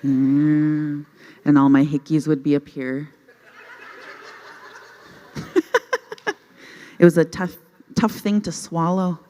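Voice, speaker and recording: This middle-aged Canadian comedian sits low in pitch, with a dark tone, fairly even intonation, a slow delivery and long pauses. Onstage at a youth conference with a handheld mic, she tells self-deprecating stories to a live crowd, often laughing at her own material.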